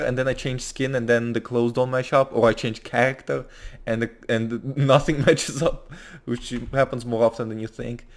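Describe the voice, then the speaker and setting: Man rambling over gameplay. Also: medium pitch. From Russia. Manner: rambling, swearing, quick restarts and laughter. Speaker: gaming video host. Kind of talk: casual gameplay commentary.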